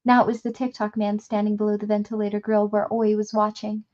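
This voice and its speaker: A woman reading a novel aloud in a steady storytelling manner, stumbling now and then. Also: mid-range voice, brisk, highs cut off. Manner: steady storytelling with occasional slips. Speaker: reader.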